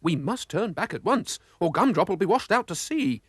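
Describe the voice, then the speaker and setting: A man's voice: sits high, sing-song, moderate pace, breathy edge, dry recording, voice pushed up, exaggerated voice. A fretful middle-aged car owner from a storybook cartoon, crying out in an anxious, urgent voice, as a man puts him on. The tone is raised and worried, and the recording is dry and close. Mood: alarmed.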